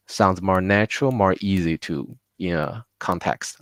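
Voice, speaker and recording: A man's voice: sits low, moderate pace, few pauses, no room sound. A man with a Chinese accent teaching Mandarin pronunciation in a live online class, patiently repeating words for learners. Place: home.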